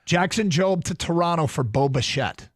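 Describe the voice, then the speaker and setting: A man's voice: a little high, lively intonation, moderate pace, dry recording, studio quality. A man hosting a sports radio show, chatting casually and rattling off plugs with fillers. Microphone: studio microphone.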